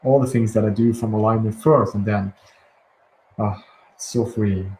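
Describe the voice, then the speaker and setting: A man leading a guided breathing and affirmation session, speaking softly and slowly with calm pauses and restarts. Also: fairly low pitch. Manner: soft, slow and gentle, with calm pauses and restarts. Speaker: guided release teacher. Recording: echoey room with faint ambient noise.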